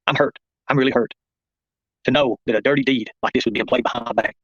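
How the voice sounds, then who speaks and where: A man rattles off a confrontational livestream monologue at a very fast clip. His voice sits at a middling pitch, and the sound is close and dry. The audio is dull and lo-fi. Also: steady tone, fairly bright tone, no room sound. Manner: confrontational, addresses viewers and chat by name. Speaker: livestream host.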